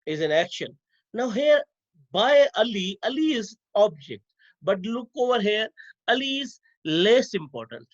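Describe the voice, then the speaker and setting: Slow high-voiced male grammar teacher. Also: dull audio. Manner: slow, repetitive explaining to students. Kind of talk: grammar lesson over slides.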